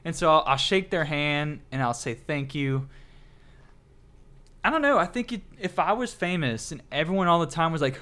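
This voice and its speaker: A man's voice: on the high side, animated, normal speed, pushed and bright. A man hosting a casual late-night podcast, rambling through stories and acting out quotes. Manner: rambling storyteller, acts out quotes. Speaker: podcast host.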